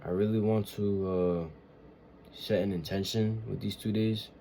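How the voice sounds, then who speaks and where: A man's voice: fairly low pitch, fairly even intonation, measured pace, mellow, a little hiss or hum. A man talking in a casual confessional monologue, rambling and emotional, often swearing and searching for words. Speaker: vlogger.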